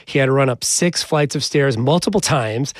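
A man's voice: mid-range voice, normal speed, dry recording, studio quality. A man hosting a broadcast interview, asking questions in a polished, conversational way. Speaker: radio interview host.

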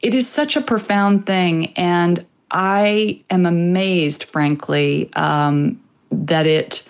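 A woman speaking as a guest commentator in a panel discussion, passionate and impassioned, rushing ahead in bursts. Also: lowish voice, clean tone.

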